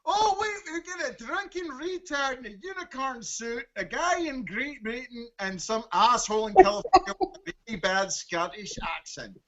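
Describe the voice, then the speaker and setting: A man's voice: very high voice, big pitch swings, normal speed, hardly any pauses, fairly bright tone. A man co-hosting a live stream, joking in a teasing, crude way. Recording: lo-fi online stream audio.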